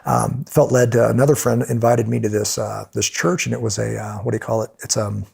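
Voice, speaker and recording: Gravelly man telling an animated story. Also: mid-range voice, brisk. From United States. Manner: animated storyteller who acts out quoted voices. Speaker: podcast guest. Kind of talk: storytelling in conversation.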